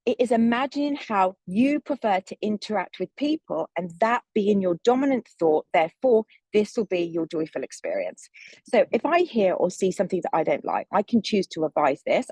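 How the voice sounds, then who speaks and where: A young woman speaking as a manifestation coach, teaching in a measured, earnest and gentle way. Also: on the low side, slightly rough, dry recording. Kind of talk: calm spiritual teaching monologue.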